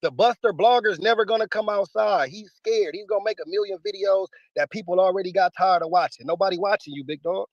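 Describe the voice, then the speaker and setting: A man's voice: high voice, fairly quick, few pauses, dry recording, muffled recording. A man speaking in a heated interview, combative, emphatic and profane. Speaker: battle rapper interviewee.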